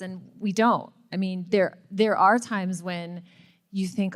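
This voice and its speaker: A woman's voice: medium pitch, fairly even intonation, slow pace. A woman speaking earnestly on a stage panel, encouraging the audience. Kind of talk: motivational panel talk. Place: event stage.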